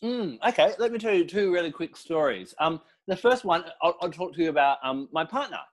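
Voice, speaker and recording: A middle-aged man giving a casual interview, explaining crystal practices with relaxed storytelling and fillers. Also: fairly high pitch, fairly quick. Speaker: crystal and essential oil teacher, guest.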